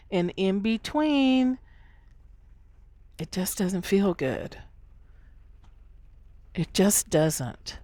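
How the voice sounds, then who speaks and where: A woman's voice: fairly low pitch, a little mellow, no room sound. A middle-aged woman hosting a podcast, giving a candid, earthy motivational monologue and acting out quoted complaints. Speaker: podcast host.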